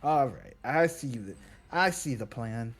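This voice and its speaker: A man's voice: medium pitch, animated, a little slow, soft background music. A man co-casting a live esports match, trading dry jokes and thinking aloud about team picks. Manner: dry, joking asides. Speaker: esports co-caster. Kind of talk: esports commentary.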